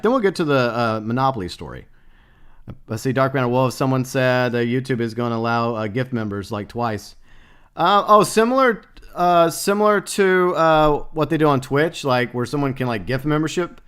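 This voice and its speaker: A man's voice: medium pitch, fairly bright tone. A man hosting a casual live stream, reading out viewer comments and rambling bluntly with lots of fillers and swearing. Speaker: livestream host.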